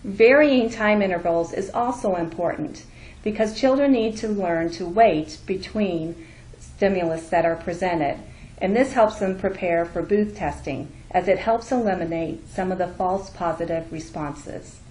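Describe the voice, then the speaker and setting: A woman's voice: on the low side, a little slow, darkish tone, slight background noise, low-quality recording. A woman instructor giving a careful, explanatory lecture narration.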